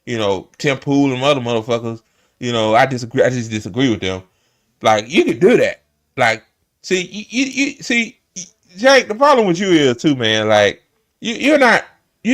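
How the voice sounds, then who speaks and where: A man's voice: mid-range voice, fairly bright tone. A man hosting a live stream, ranting heatedly and swearing often as he reacts to a clip. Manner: emphatic, swears often, repeats himself. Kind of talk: heated profane rant.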